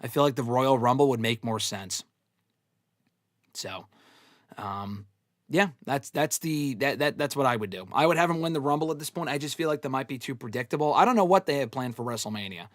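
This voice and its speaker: A man's voice: mid-range voice, expressive, brisk, a bit bright, no echo, studio quality. A man hosting a live wrestling Q&A show, giving blunt, opinionated takes in a casual, swear-heavy way. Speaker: wrestling podcast host answering fan questions.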